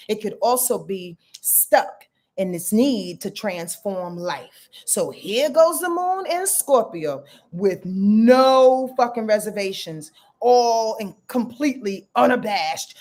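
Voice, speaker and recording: Woman astrologer, mid-pitched, blunt and emphatic, with casual swearing. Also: darkish tone.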